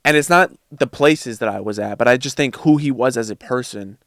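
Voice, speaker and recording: A man's voice: mid-range voice, fairly quick, fairly bright tone, dry recording, studio quality. A man talking casually as a podcast guest, reflective and searching for his words.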